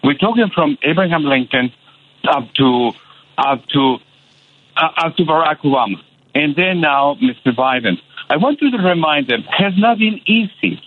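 On a thin, tinny phone connection, a man with a higher-pitched, animated voice calls in to the radio, some hiss or hum audible. His passion comes through in stops and starts, full of repeated filler words.

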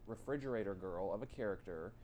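A man's voice: fairly low pitch, fast, a crowd in the background. A man co-hosting a casual podcast chat, recapping things with a dry, joking, rambling manner. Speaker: podcast co-host.

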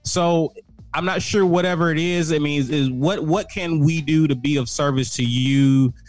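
A man hosting a podcast, asking questions haltingly and repeating his words. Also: a little high, faint music behind. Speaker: podcast host. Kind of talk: interview questions.

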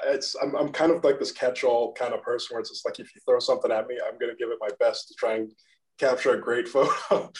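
A man with a monotone voice, a guest photographer in a casual interview, self-deprecating and rambling, laughing now and then. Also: mid-range voice, poor audio. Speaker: guest photographer and graphic designer.

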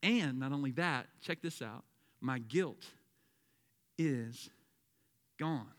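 A young male pastor preaching a sermon, swinging between loud emphatic lines and low quiet ones and calling on the congregation to respond. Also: takes it slowly. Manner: calls out to the congregation, asks them to repeat words.

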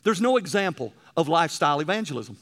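A male preacher delivering a sermon, telling stories and swinging between loud emphasis and hushed passages. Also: fairly high pitch, big pitch swings, fast talker.

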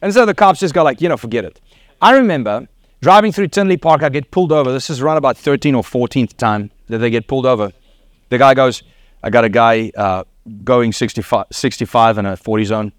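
A man's voice: medium pitch, brisk, dry recording, studio quality. A middle-aged man with a South African accent preaching a sermon, telling stories with laughs and acted quotes. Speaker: pastor.

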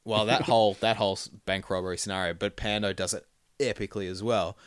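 A man in casual conversation about a film, animated when he quotes characters. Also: on the low side, fast talker, clear, resonant tone, no echo, studio quality.

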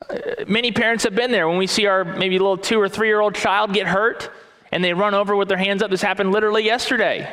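High-voiced preaching man in a reverberant hall. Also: steady tone, sharp tone. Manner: earnest expository preaching, slows for emphasis. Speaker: pastor. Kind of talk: sermon. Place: church sanctuary.

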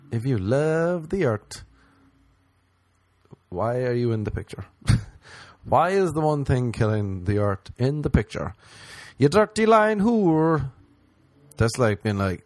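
A man's voice: medium pitch, sing-song, slow pace, pauses often, darkish tone, dry recording. A man hosting a podcast, rambling through a crude, sarcastic comedy monologue and slipping into mocking voices. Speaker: podcast host.

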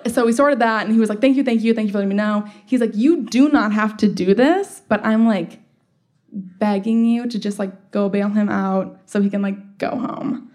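A woman's voice: medium pitch, normal speed, darkish tone. A young woman telling a personal story in a casual, chatty way, full of "like" fillers and wry laughs. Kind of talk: storytelling monologue.

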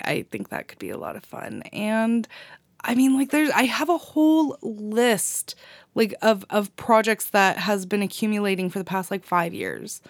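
A woman's voice: medium pitch, no echo. Woman podcast co-host, casual and enthusiastic, dry close-miked sound. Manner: rambling, enthusiastic, laughs often. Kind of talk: casual chat.

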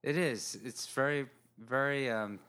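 A man's voice: mid-range voice, unhurried, crowd noise. A male singer-songwriter guest in casual chat, easygoing and hesitant, often trailing off.

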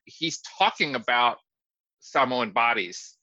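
A man with a very bright, forceful voice chats casually as a podcast co-host, trading dry jokes with his partner. The audio sounds a little dull and lo-fi. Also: mid-range voice, lively intonation, slow pace.

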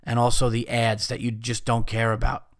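A man's voice: medium pitch, completely flat delivery, moderate pace, no echo, clean studio sound. A man hosting a podcast, ranting in a casual, exasperated and profane way. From United States. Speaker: podcast host.

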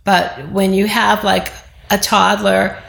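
A woman's voice: mid-range voice, little pitch movement, slow pace, vocal fry, fairly bright tone, roomy sound. An older woman in casual conversation, a chatty storyteller who acts out quoted voices. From United States east coast. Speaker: guest, host's mother.

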